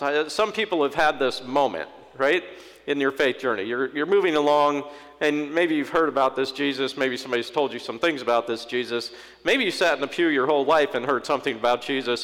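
Man, pastor, sermon, chatty preaching, asides, medium pitch, long hall reverb. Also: fairly bright tone. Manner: conversational preaching with asides and quoted inner voices.

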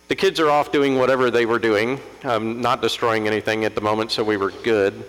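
A man's voice: mid-range voice, fast, hardly any pauses, fairly bright tone. An older man preaching a sermon as pastor, telling a family story and rising to impassioned emphasis. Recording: echoey hall with mains hum.

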